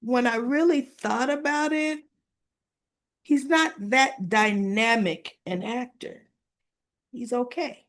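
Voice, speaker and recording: A soap opera recap vlogger, this woman retells episodes casually, chatting and wandering into asides and filler words as she tells the story at a leisurely pace. Her voice is fairly high and fairly bright, and she talks slowly.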